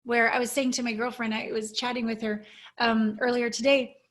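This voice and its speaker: A woman coach answering interview questions over a video call. Her voice sits a little high, and her delivery is earnest, reflective and openly emotional. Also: little pitch movement, normal speed. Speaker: intimacy coach, guest. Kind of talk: interview storytelling.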